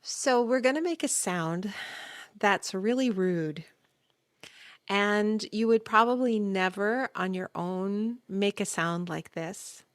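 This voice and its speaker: A woman hosting a podcast voice lesson, explaining calmly and demonstrating sounds. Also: medium pitch, slow pace, no echo, clean studio sound. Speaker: voice teacher.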